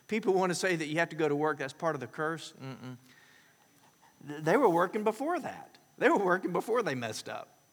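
A man preaching a sermon as pastor, swinging from quiet, slow phrases to loud, emphatic ones. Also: fairly high pitch, in a large hall.

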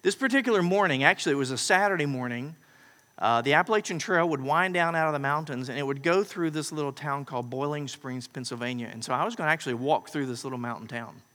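A man delivering a sermon with a bright, ringing tone that sits slightly high. He moves from quiet, intimate asides to loud, emphatic declarations. His voice carries through a large hall with a long trailing echo. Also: fast talker. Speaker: pastor. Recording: preacher in a large reverberant hall.

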